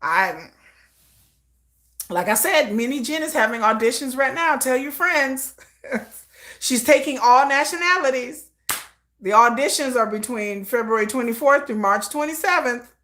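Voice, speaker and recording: A woman hosts a livestream with a fairly high voice, giving casual commentary. She talks bluntly and with emphasis, dropping slang and profanity and laughing often. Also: lively intonation, a little slow, long pauses, a bit bright. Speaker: livestream host.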